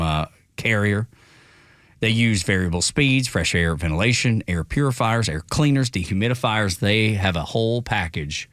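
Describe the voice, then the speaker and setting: A man's voice: lowish voice, a bit bright, dry recording, clean studio sound. A man hosting morning talk radio, chatty and folksy, sounding congested as he chats and reads an ad. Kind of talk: casual talk radio chat and live-read ad. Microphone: studio microphone.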